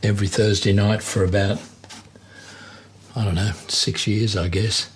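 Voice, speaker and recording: A man's voice: on the low side, little pitch movement, measured pace, a little hiss or hum. Older Australian man telling stories. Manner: chatty storyteller, warm anecdotes. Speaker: entertainer. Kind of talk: reminiscing conversation.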